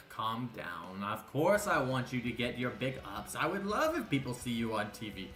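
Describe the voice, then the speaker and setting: Animated man running a tabletop game. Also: mid-range voice, normal speed, soft background music. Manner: rambling, filler-heavy, laughs often. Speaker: game master. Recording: echoey room.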